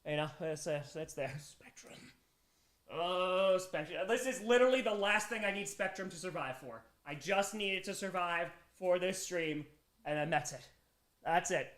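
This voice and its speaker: A man's voice: high voice, normal speed, a bit bright, roomy sound. A worn-out man streaming for a whole day, thanking donors one by one and swinging between hype and tired mumbling. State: exhausted after a day awake. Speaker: streamer reading out donations. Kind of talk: live charity stream chat.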